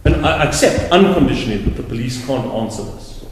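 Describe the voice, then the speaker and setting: A male advocate giving a deliberate, emphatic courtroom argument, repeating words for stress. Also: medium pitch, lively intonation, background noise. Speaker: advocate arguing an appeal. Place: large courtroom. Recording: very echoey courtroom with long reverb.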